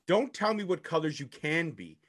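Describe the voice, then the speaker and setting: A man from Ontario hosting a casual podcast interview, animated and joking. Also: fairly high pitch, moderate pace. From Ontario, Canada. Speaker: podcast host.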